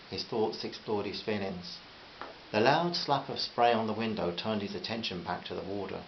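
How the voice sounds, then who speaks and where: A man reading a short story aloud in a measured, gentle way. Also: on the low side, gravelly. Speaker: story reader. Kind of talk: scripted narration. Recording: slightly dull with faint hiss.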